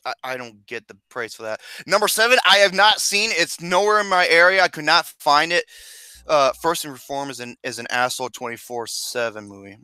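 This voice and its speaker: A man hosts a casual movie chat, ranting and swearing with big swings of pitch. His voice is bright and forward. The sound is dry and close. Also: clear, resonant tone, no echo. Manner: excitable, profane, ranting. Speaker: podcast host.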